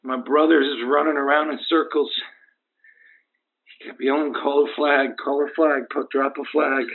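A man's voice: little pitch movement, moderate pace, vocal fry, close to an everyday voice. A man doing a rambling battered football player on a tinny phone line. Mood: mournful. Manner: rambling, wavering between mumbles and high cries. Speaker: caller. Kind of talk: comic prank call.

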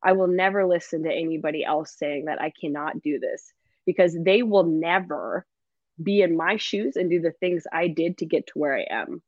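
A woman's voice: low-pitched, normal speed, no echo. Laughing woman coach, lo-fi sound. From Canada. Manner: animated and laughing, fills speech with "like". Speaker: football coach, guest. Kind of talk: casual interview chat. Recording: dull lo-fi dry sound.

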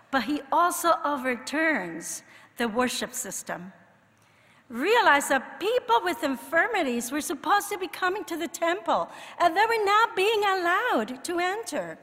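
Woman preacher, slow deliberate sermon delivery, bright tone, wide pitch swings. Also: big-room sound. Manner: expressive, rises in emphasis and drops to soft asides.

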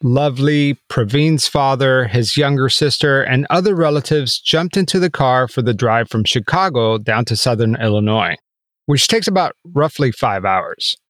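A man co-hosting a podcast, narrating a true-crime story in a measured, scripted way. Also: medium pitch, expressive, fairly bright tone, no room sound. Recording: dry studio voice with faint music.

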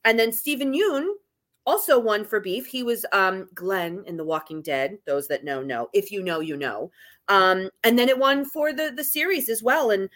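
A woman co-hosts a casual podcast chat. She talks in quick bursts, often restarting and repeating herself. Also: mid-range voice, animated, a bit bright. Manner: chatty, many restarts and stammers. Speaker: podcast co-host.

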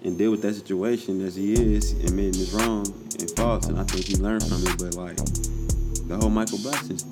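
Laid-back deep-voiced man chatting. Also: steady tone, a little fast, loud music behind the voice. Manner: laid-back, slangy, rambling. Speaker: podcast co-host. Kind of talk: casual chat.

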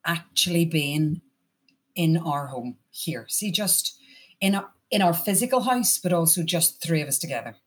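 A woman's voice: low-pitched, lively intonation, moderate pace, slightly rough. A middle-aged Irish woman chatting as a stage actor guest, rambling with many restarts and fillers. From Ireland. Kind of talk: casual chat.

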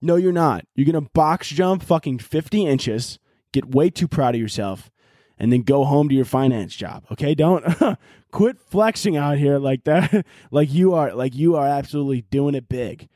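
A young man hosting a podcast, telling casual stories with lots of swearing and bursts of mock yelling. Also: on the high side, moderate pace, no room sound, clean studio sound. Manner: animated, swears a lot, yells in mock rants. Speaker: podcast host. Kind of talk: casual storytelling monologue.

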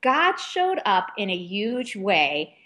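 A woman co-hosting a Christian radio talk show, telling a lively faith story with frequent restarts. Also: mid-range voice, slow. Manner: animated, giggly storyteller with many restarts.

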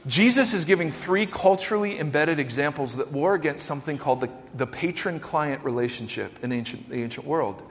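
High-voiced male pastor preaching in a hall. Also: brisk, few pauses. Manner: animated, emphatic preaching with rhetorical questions. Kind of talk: sermon. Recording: long hall reverb.

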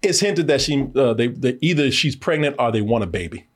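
A man hosting a podcast in casual chat, animated and laughing often as he acts out scenes. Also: medium pitch, brisk, husky. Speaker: podcast host reviewing a show.

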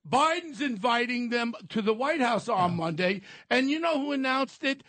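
An older man, hosting talk radio and ranting loudly with shouted insults. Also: very high voice, animated, normal speed, hardly any pauses. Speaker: radio host.

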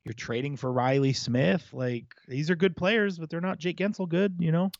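A man's voice: a little high, steady tone, moderate pace, creaky, no room sound, dull audio. Analytical man on a hockey podcast. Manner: analytical, talks through points at length. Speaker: podcast co-host. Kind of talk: casual sports chat.

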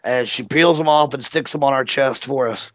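A man's voice: mid-range voice, normal speed, no room sound. A man hosting an internet radio show, telling a long story casually and with plenty of swearing. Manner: profane, animated anecdote teller. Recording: dull lo-fi internet radio audio.

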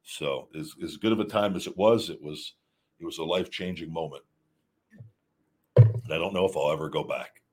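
This man's very deep, warm, slightly rough voice moves at a moderate pace with frequent pauses as he hosts a live stream. He reads viewer super chats casually and emphatically, restarting many times.

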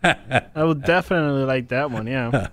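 A man's voice: medium pitch, normal speed, a bit bright, dry recording. A man co-hosting a podcast, bantering in a playful, sometimes defensive way. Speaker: podcast co-host. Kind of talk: casual banter.

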